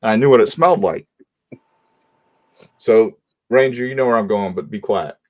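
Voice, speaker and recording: A man hosting a panel livestream, telling a story in a casual way and acting out the shouted lines of others in a raised voice. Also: lowish voice, moderate pace, no echo, muffled recording. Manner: animated, acts out shouted quotes in a raised voice. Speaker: host.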